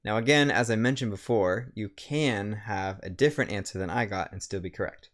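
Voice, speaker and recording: A man from a writing center giving a recorded grammar lecture, explaining step by step and slowing down to read example sentences. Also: lowish voice.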